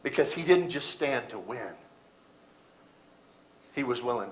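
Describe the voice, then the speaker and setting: A middle-aged man preaching a sermon, telling a story that swings between loud bursts and hushed, quiet moments. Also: mid-range voice, lively intonation, a little slow, long pauses, a little hiss or hum, low-quality recording.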